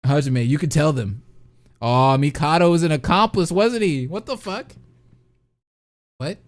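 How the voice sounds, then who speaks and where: A man giving excitable game reaction commentary, swearing often and reading on-screen text aloud. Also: fairly high pitch, normal speed. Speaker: reaction video host. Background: game music.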